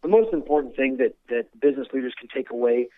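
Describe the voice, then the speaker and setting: A man's voice: medium pitch, fast talker, dry recording, narrow, tinny audio. A man being interviewed about his military career, speaking earnestly and often restarting his words. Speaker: guest, former military instructor. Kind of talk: conversational storytelling interview.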